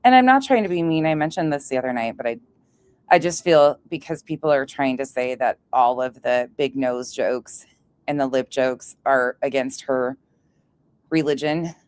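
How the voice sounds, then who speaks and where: Low-voiced woman ranting sarcastically. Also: moderate pace, a little mellow, clear, resonant tone. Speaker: drama commentary YouTuber. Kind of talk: casual commentary.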